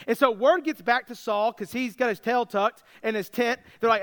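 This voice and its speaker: High-voiced animated male preacher. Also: moderate pace. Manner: animated storytelling, acting out characters in casual voices. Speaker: pastor. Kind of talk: sermon.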